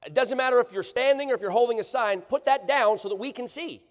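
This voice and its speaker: A man preaching a sermon, sarcastic and animated, often checking that the congregation follows him. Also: extremely high pitch, quick pace. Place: church sanctuary. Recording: church livestream, long hall reverb.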